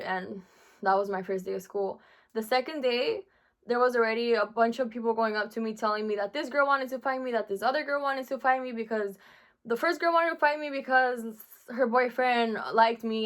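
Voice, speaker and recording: A woman's voice: on the high side, fairly bright tone. A young woman vlogger telling a painful personal story from her school days, emotional, with many fillers.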